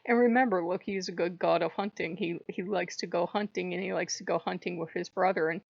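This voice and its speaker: A woman hosting her own channel, telling a story in a casual, animated way, with frequent swearing, laughter and acted-out quoted voices. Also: fairly low pitch, brisk, creaky, no echo, highs cut off. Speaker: channel host. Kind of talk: casual spiritual vlog monologue.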